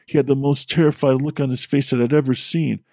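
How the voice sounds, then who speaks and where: Guy reading a spooky story for his podcast, steady pace, dead dry sound. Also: mid-range voice, brisk, dry recording. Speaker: podcast host and narrator. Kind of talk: scripted horror story narration.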